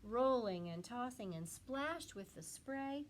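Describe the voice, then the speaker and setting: A teacher reads a rhyming picture book to young children, her voice climbing and dropping with every line. Her pitch sits fairly high, and she dips into a soft hush at quiet moments. A faint hiss sits behind her. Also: takes it slowly. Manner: expressive, animated storytelling.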